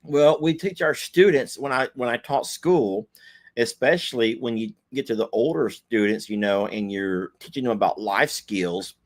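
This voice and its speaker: A man's voice: mid-range voice, normal speed. A middle-aged man chatting casually on a livestream in a folksy, joking way. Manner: folksy, joking, animated asides. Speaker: co-host.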